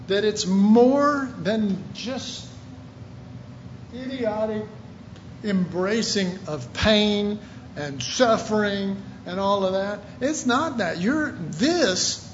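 High-voiced emphatic preacher man. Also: highs cut off, a little hiss or hum. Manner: emphatic, rising to shouted questions; reads scripture aloud in King James wording. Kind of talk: sermon.

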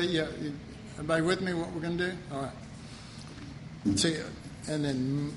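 A man's high voice rings through a reverberant church hall during a sermon, with a faint hum behind it. He's animated and emphatic, pressing his key points home.

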